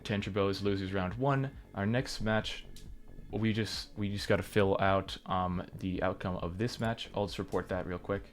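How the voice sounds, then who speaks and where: A man with a somewhat low voice gives steady play-by-play of a game tournament. He calls each move plainly and handles the bracket between matches. Quiet music sits under the talk. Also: moderate pace. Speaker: esports co-caster.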